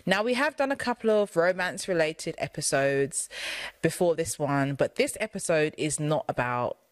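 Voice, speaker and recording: A woman's voice: sits low, lively intonation, moderate pace, no echo. A young woman co-hosting a podcast in casual chat, playful and teasing, laughing often. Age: young adult. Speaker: podcast co-host.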